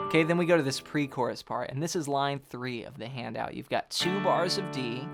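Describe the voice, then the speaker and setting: Man, guitar teacher, upbeat, step-by-step explaining, counts beats, loud guitar music behind. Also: medium pitch, a little fast, vocal fry, hardly any pauses. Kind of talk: guitar lesson.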